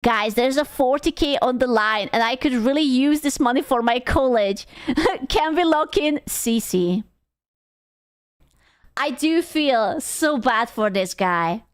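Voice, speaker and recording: A woman's voice: high-pitched, takes it slowly, clear, resonant tone. A young woman streaming, giving blunt, sarcastic and profane reaction commentary on a clip.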